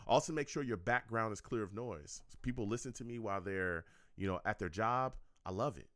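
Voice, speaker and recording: A man's voice: lowish voice, brisk, a bit bright, dry recording. A man hosting his own sports fan radio show, talking casually and with energy, often repeating himself and tagging lines with "okay?" and "all right?", and joking with his chat. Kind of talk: casual call-in show wrap-up.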